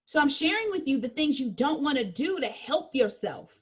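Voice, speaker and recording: A high-voiced woman runs a sales training session, her pitch bouncing all over as she acts out calls with customers. She talks to her listeners in a loose, colloquial way. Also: normal speed. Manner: animated, acts out customer conversations; colloquial, talks straight to the audience. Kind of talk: lively sales training talk.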